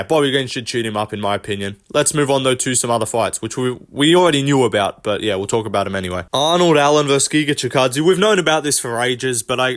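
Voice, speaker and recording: A man's voice: medium pitch, a bit bright. A man giving casual, blunt fight predictions as host, opinionated and profane, with many ums and likes.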